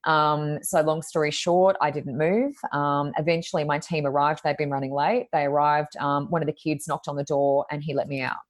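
A woman's voice: low-pitched, fairly even intonation, moderate pace, hardly any pauses. A woman, a medium guesting on a podcast, telling stories in a chatty, rambling way full of ums and likes. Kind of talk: conversational storytelling.

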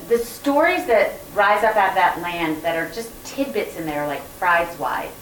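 A woman author with a Southern American accent, telling lively stories to a live audience and often laughing. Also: on the low side, normal speed, few pauses, a little hiss or hum. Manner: animated, laughing storyteller. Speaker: guest author. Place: event room with audience. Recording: roomy, distant mic with faint ambience.

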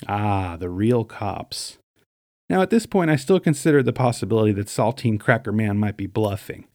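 A man's voice: on the low side, expressive, normal speed, mellow, no room sound. Dry, wry male memoir narrator. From Staten Island, New York.

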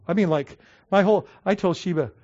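Chatty pastor, slightly high, lo-fi. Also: male voice, a little mellow. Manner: conversational storytelling with many fillers and restarts; slows and stresses points when preaching. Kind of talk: sermon. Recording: dull lo-fi sound.

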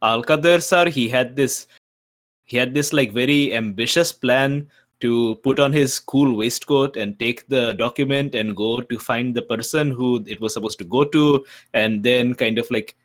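A man's voice: medium pitch, unhurried, close to an everyday voice. A cheeky young son, played by a man, talks his way around things. He rambles and leans on lots of fillers in a casual, everyday voice. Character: young adult son, smooth-talking and cheeky.

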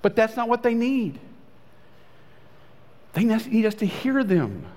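A pastor preaching a sermon in a conversational way, his voice swinging between high and low. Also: sing-song, unhurried, a little mellow. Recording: long hall reverb.

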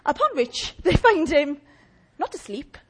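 A woman preaching a lively, humorous sermon and chatting with her audience. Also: sits high, a little slow.

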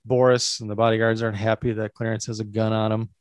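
A man co-hosting a podcast, recapping a movie scene in a relaxed, halting way. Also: on the low side, clear, resonant tone, no room sound. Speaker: podcast co-host. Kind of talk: casual movie-breakdown chat.

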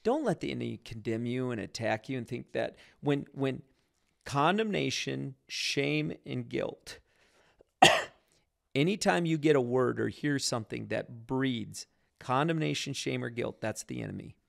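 A man's voice: mid-range voice, unhurried, gravelly. A man talking casually about prayer and faith, telling stories with many restarts. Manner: animated storyteller with frequent restarts.

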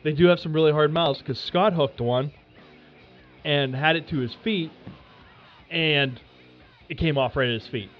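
A podcast host spinning a casual story, animated and swearing freely with lots of fillers. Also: male voice, fairly high pitch, measured pace, long pauses, dull audio, faint music behind.

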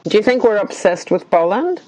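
Curious woman interviewer, lively. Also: medium pitch, fairly quick, rough recording. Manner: curious, asks short questions. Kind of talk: interview questions.

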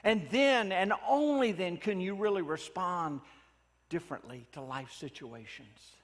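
A man preaching a sermon in a church, earnest and pleading, often dropping his voice to a hush for emphasis. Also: high-pitched, measured pace, long reverb tail. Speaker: pastor.

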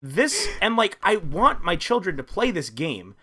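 Lively, bright-voiced man on a podcast. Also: high-pitched, a little slow, slight background noise. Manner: animated, mock-serious ranting. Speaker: podcast co-host. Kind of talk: casual comedic chat.

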